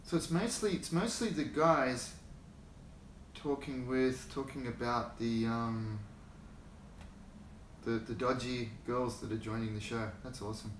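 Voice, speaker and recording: A man's voice: mid-range voice, a little slow, pauses often, a little hiss or hum. Chatty Australian man in an echoey room. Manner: rambling, chatty, chuckles often, greets viewers by name. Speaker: hobby channel host. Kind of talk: casual livestream chat. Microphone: phone held in hand.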